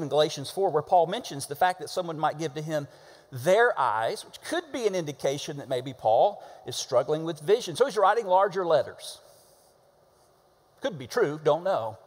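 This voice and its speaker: A pastor preaching a sermon, animated and conversational, asking the congregation to repeat words with him and punching key words hard. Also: male voice, a little high, in a large hall. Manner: animated, with sudden shouted emphasis and call-and-response.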